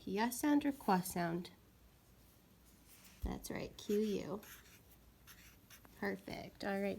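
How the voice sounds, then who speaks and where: A woman gives young children a reading lesson, slowly sounding out words and encouraging them patiently. Her medium-pitched voice is creaky and a little mellow.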